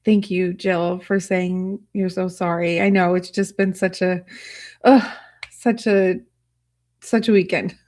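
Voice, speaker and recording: A woman hosting a casual livestream, talking softly and emotionally, rambling with many fillers and restarts while reading chat. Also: lowish voice, flat delivery, takes it slowly. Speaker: livestream host.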